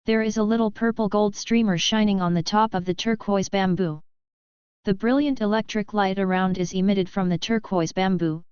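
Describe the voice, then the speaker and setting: A woman narrates a fantasy audiobook in a steady, even voice. Her tone is very smooth and crisp. The recording is dry and has a slightly dull, lo-fi sound. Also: medium pitch, dry recording.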